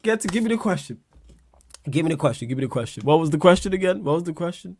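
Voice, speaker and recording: A man's voice: a little high, animated, fast, a little mellow, breathy edge. A man hosting a casual livestream chat, laughing a lot, swearing and using slang while answering viewer questions.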